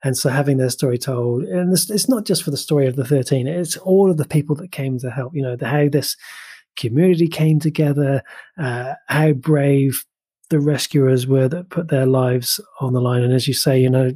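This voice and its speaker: A man co-hosting a relaxed film review chat, his voice slightly husky and recorded dry with no room sound. He talks eagerly, with many fillers and restarts. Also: mid-range voice, normal speed, no echo. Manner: chatty and enthusiastic, with frequent fillers and restarts. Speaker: film podcast co-host.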